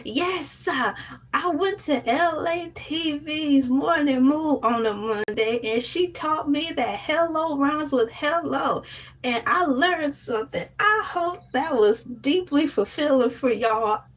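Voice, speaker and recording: Playful lady hosting a morning stream, highish voice, bouncy and chatty. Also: slow pace. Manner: playful, animated, jumps into high squeals. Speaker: livestream host. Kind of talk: casual morning livestream chat.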